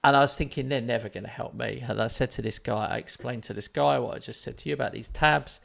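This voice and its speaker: A man's voice: mid-range voice, fast, creaky, fairly bright tone. A man telling a story in casual chat on his live stream, rambling and self-deprecating.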